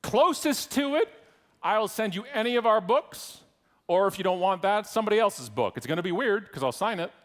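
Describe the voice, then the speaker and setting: A man's voice: high-pitched, lively intonation, moderate pace, a bit bright. A middle-aged man with a Canadian accent giving a humorous keynote speech, wry and teasing the audience. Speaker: keynote speaker. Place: large conference hall stage. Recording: long reverb of a large hall.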